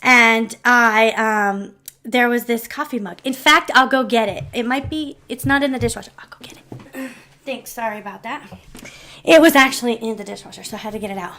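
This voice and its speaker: A woman's voice: a little high, moderate pace, sharp tone. A woman vlogger telling a personal story in a rambling, heartfelt way, with many restarts and asides to her viewers. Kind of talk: casual storytelling to camera.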